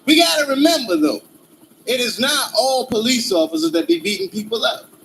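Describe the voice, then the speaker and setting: Man, stand-up comedy in role-play, very high voice, lively and swooping, profane, laughing storyteller, noisy background. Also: fairly quick, creaky.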